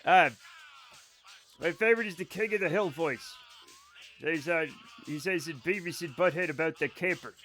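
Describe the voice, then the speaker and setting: Bright animated Rhode Island guy. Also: fairly high pitch, moderate pace, long pauses, soft background music. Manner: animated, self-mocking, swearing. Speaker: streamer. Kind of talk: casual gameplay stream chat.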